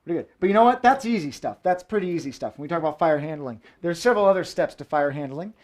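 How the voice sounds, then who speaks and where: A man's voice: a little high, animated, quick pace, a little mellow. Playful joking showman at home. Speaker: fire performer and host. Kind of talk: live-streamed show banter. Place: home room indoors.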